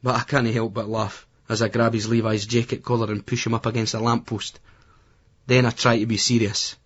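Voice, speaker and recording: A man's voice: mid-range voice, flat delivery, a little fast, breathy edge, muffled recording. A man with a Scottish accent giving gritty, colloquial first-person audiobook narration. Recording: remastered poor-quality audio.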